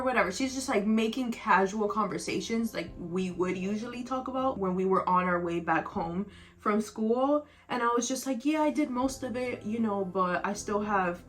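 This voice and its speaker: A woman's voice: medium pitch, normal speed, faint music behind. A young woman vlogger telling a personal story in a casual, rambling way, full of "like" and quoted dialogue. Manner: casual, filler-heavy retelling with quoted dialogue.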